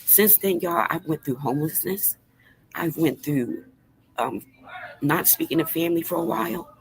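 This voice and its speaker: A woman's voice: deep voice, lively intonation, normal speed, gravelly, a little hiss or hum, low-quality recording. A woman in her fifties hosting a casual livestream. She speaks earnestly and emotionally to her viewers, and her voice trembles with feeling. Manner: earnest, emotional, talks straight to the chat. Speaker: livestream host. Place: fast-food restaurant.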